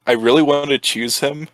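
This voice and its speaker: A man's voice: on the high side, dry recording, poor audio. A young man, a guest on a podcast, chatting casually with a playful, teasing manner and plenty of "um"s. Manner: playful, teasing, hesitant with fillers. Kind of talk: casual chat.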